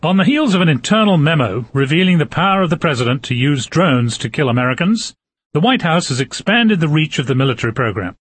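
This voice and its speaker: A man reading mock news as the anchor, deadpan and crisp, with a husky voice. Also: a little high, quick pace, no echo.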